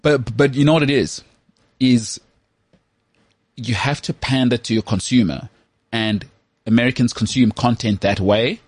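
A man from South Africa with a South African accent, co-hosting a casual podcast chat in an animated, opinionated way. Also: mid-range voice, a little slow, pauses often, slightly rough, no echo. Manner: animated, opinionated, repeats words when starting. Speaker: podcast co-host.

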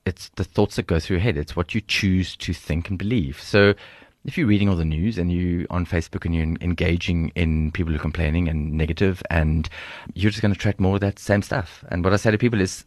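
A middle-aged South African man with a South African accent, a guest telling stories in an interview in an animated, humorous way. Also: low voice, no room sound, clean studio sound. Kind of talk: storytelling interview.

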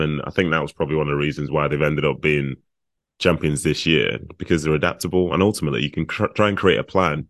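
Very deep-voiced fast-talking man. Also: dry recording, clean studio sound. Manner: analytical, filler-heavy with "like". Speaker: football pundit. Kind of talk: casual podcast chat.

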